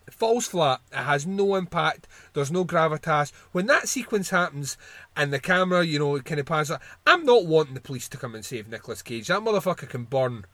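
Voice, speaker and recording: A man's voice: on the high side, lively intonation, a little fast, fairly bright tone, no room sound. A man hosting a casual podcast, talking emphatically and cursing as he riffs. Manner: emphatic, profane, riffing. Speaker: podcast host.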